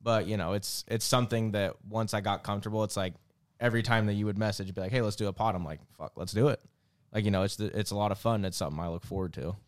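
A young man co-hosts a podcast in laid-back, casual chat. He talks quickly in a fairly low voice and fills his sentences with "you know" and "like.". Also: steady tone, clear, resonant tone. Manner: fast, easygoing, filler-heavy talk. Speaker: podcast co-host.

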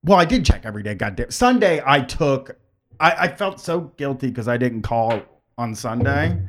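A man hosting a podcast, talking in a rambling, halting way with many restarts. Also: mid-range voice, expressive. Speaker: podcast host. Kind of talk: casual chat.

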